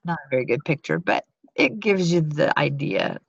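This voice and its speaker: A woman's voice: sits low, sing-song, normal speed, creaky, background noise. A woman sharing a spiritual testimony in a searching way, thinking aloud as she goes. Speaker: prayer group member. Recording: dry, muffled lo-fi audio.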